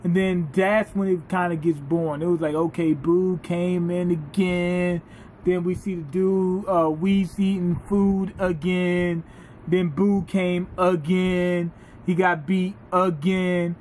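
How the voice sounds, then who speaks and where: High-voiced man, animated and profane. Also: takes it slowly, slight background noise. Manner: animated, profane, laughing storyteller. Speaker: anime reviewer. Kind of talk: casual reaction review.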